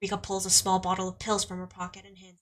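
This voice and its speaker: A woman's voice: mid-range voice, completely flat delivery, fast talker. Woman streamer reading game text aloud.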